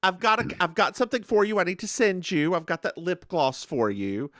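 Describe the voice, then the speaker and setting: Bright animated podcast cohost, laughs a lot, dry close mic. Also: medium pitch, fairly quick, no room sound. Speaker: podcast co-host. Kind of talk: casual chat.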